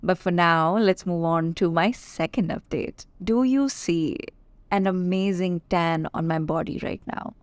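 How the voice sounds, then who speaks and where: Chatty young woman from India, low voice. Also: a little slow, no room sound. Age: 20s. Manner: chatty and confiding, playful asides. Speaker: podcast host. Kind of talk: casual solo podcast chat.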